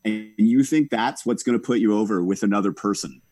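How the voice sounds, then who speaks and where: A man co-hosting a podcast in casual banter, wry and lively. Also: fairly low pitch, fairly quick, no echo. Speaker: podcast co-host.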